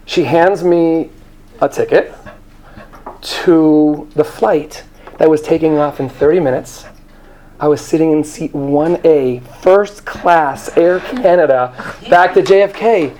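High-voiced man telling a rambling story. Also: slow, mellow. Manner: rambling, self-deprecating, jumps into high character voices. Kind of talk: live comic storytelling. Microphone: handheld microphone.

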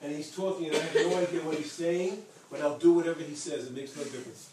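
A man speaking to an audience, telling a story with lively repetition and emphasis. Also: on the high side, quick pace. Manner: animated storyteller who repeats phrases for emphasis. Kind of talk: storytelling talk. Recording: echoey hall, distant mic, faint hiss.

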